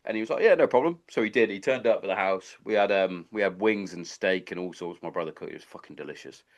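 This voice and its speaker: A man with a fairly low voice hosts a podcast in relaxed, casual chat. He tells long rambling stories and swears freely as he talks. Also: fast talker. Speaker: podcast host.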